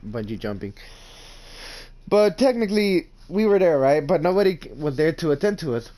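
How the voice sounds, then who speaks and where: A man's voice: on the high side, a little mellow. A young man telling a casual story-time tale, rambling with many restarts and repeated words. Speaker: vlogger. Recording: noisy background.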